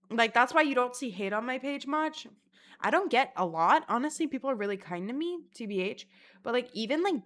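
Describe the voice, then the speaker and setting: A young woman vlogging casually to her phone camera at home, telling stories in a profane, animated way. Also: on the high side. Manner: profane, animated storytelling with acted-out quotes. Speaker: content creator. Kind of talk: casual vlog chat.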